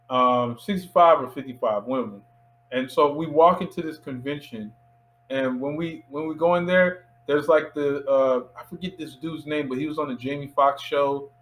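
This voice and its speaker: A man in his thirties from Miami, a filmmaker guest telling a lively anecdote in a casual interview and acting out the voices of people in it. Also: on the high side, low-quality recording. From Miami, USA. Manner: animated anecdote teller who acts out quoted voices.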